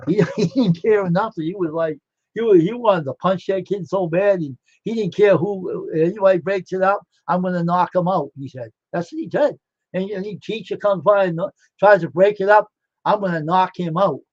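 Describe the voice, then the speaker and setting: A man's voice: high-pitched, moderate pace, darkish tone, husky, no echo, lo-fi sound. An older man hosting a livestream, telling rambling stories in casual chat and acting out the dialogue. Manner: rambling, laughing, acts out quoted dialogue. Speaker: livestream host.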